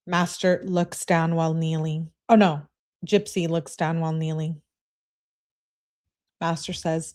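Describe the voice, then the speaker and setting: A woman's voice: low-pitched, little pitch movement, a little slow, long pauses, a little mellow. A woman hosting a stream, reading messages aloud and adding blunt, exasperated commentary in a casual way. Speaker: host.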